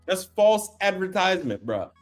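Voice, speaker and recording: A man hosting a casual livestream, talking in an animated, slangy way, exclaiming and repeating himself as he reacts. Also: sits high, moderate pace, soft background music. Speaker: appliance repair tech livestream host. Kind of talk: casual livestream chat while browsing online.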